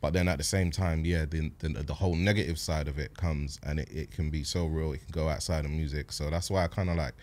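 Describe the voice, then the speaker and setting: Podcast guest: man, 30s, very low voice, laid-back and reflective. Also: fast, few pauses. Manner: relaxed, thoughtful, many fillers. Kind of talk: casual podcast chat.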